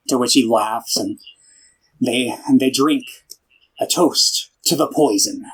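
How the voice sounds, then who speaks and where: A man's voice: medium pitch, unhurried, fairly bright tone, slightly rough, low-quality recording. A young man co-hosting a casual film podcast, retelling a plot in a loose, rambling way and voicing the characters' lines himself. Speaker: podcast co-host.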